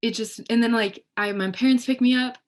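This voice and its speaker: A young woman appearing as a student guest on a panel tells a personal story in casual speech. Her voice is on the high side and brisk. She's animated and acts out other people's voices when quoting them.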